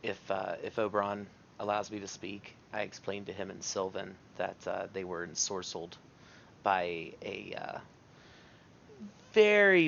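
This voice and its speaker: A man's voice: deep voice, vocal fry, fairly bright tone, highs cut off, slight background noise. A man playing a character in a tabletop game, shifting into formal, courtly in-character speech. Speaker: player.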